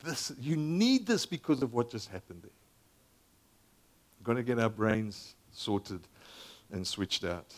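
A man in his sixties preaching a sermon as pastor, conversational and animated, dropping to near whispers and rising again. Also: medium pitch, unhurried. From Zambia.

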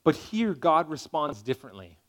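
A man's voice: a little high, very animated, normal speed, fairly bright tone. A man preaching a sermon as pastor, talking in a conversational but emphatic way and checking in with his listeners as he goes.

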